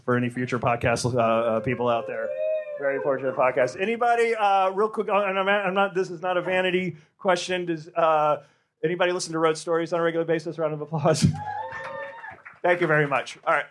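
A slightly high-voiced American man hosts a podcast live on stage before an audience. He riffs loosely and profanely with the crowd, rambling and stammering through restarts as he goes. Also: lively intonation, fast talker, a bit bright. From United States. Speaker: podcast host. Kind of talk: live podcast stand-up banter.

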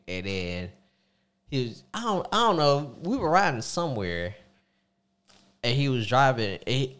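A man talking casually at a middle pitch, with a lot of swing in his voice as he tells stories and jumps into other people's voices for quoted lines. His talk is loose and relaxed. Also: clean tone. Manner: storytelling, acts out friends' quotes. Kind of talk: casual chat.

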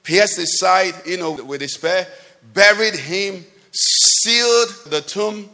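A man's voice: sits high, takes it slowly, sharp tone. A man preaching a sermon, asking the congregation rhetorical questions with emphasis. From Nigeria. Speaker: pastor. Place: church hall. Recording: long hall reverb.

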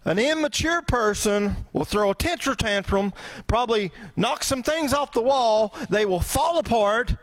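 A man's voice: very high-pitched, lively intonation, unhurried. A male pastor preaching a sermon in a conversational way, full of rhetorical questions. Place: church.

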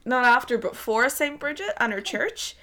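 A woman's voice: high voice, expressive, moderate pace, pushed and bright, a little hiss or hum. An Irish woman co-hosting a casual chat, adding facts with a dry, teasing manner. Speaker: podcast co-host.

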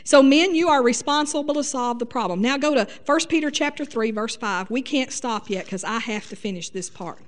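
High-voiced folksy woman preacher. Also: normal speed, hardly any pauses. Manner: lively, folksy, punctuated with hallelujahs and laughter. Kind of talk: sermon.

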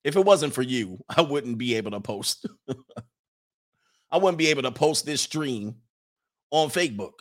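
A man livestreaming a casual, sarcastic rant, swearing, laughing often and mocking others in a high voice. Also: expressive, moderate pace, long pauses. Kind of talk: casual ranting monologue.

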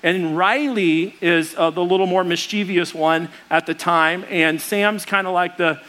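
A man's voice: high-pitched, unhurried. A man preaching a sermon, telling a story in a loose, conversational way and acting out the voices in it. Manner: animated, acts out the voices in his story; conversational, with fillers and restarts. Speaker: pastor.

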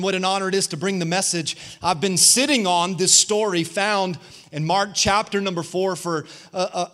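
A man's voice: high voice, fairly bright tone. A man preaching a fervent online sermon as a guest pastor, calling out to his congregation.

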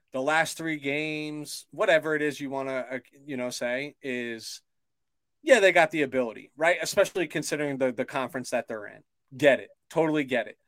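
A man in casual sports chat who weighs his points with care and leans on fillers. His voice is a touch high. The recording is dry and close. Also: fairly bright tone, dry recording. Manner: measured, cautious, filler-heavy. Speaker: podcast co-host.

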